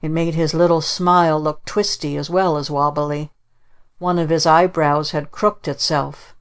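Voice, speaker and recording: A woman narrating a children's storybook in a measured way. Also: sits low, fairly even intonation, smooth. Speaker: audiobook narrator. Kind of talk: scripted narration.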